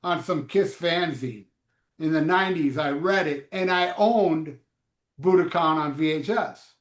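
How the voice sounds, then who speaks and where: Brief: man in his fifties, high voice, casual joking show host, echoey room sound. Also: measured pace. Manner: loose, joking, rambling with fillers. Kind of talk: casual live show chat.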